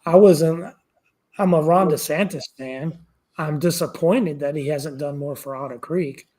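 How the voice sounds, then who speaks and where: A man with a fairly high, mellow voice gives blunt opinions in a casual chat and repeats points for emphasis. His tone is husky and soft-edged. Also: measured pace. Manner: frank, wry, and repetitive for emphasis. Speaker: co-host.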